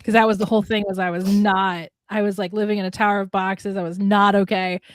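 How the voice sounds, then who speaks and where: A woman's voice: mid-range voice, flat delivery, fast talker, no room sound. A young woman from Minnesota with a Minnesota accent, hosting a casual livestream chat and acting out voices as she tells stories. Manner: chatty storyteller, acts out quoted voices. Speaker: host, romance author. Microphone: home livestream mic.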